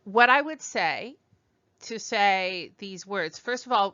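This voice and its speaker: A woman teaching beginner French, unhurried and clear, carefully repeating each word. Her voice is bright and close, with dry sound on a somewhat dull, lo-fi recording. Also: mid-range voice, animated, dry recording. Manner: slow, deliberate, repeats words for learners. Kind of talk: beginner language lesson.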